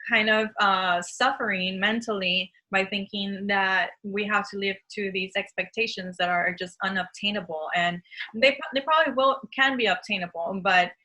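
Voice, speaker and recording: A woman's voice: medium pitch, fairly even intonation, moderate pace, sharp tone, poor audio. A young woman hosting a casual conversation, reflective and thinking aloud as she talks. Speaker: host.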